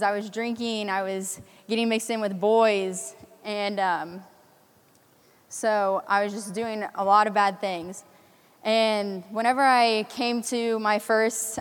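A woman's voice: medium pitch, smooth. An eighteen-year-old woman from the Kansas City area giving an earnest personal faith testimony to a youth conference crowd, chatty and full of ums. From Kansas City area, US Midwest. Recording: long hall reverb.

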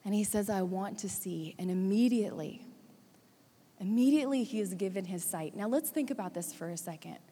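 A woman preaching a sermon, retelling a story with dramatic swings between hushed and urgent delivery. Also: mid-range voice, expressive, fairly quick, hardly any pauses, husky. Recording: long hall reverb.

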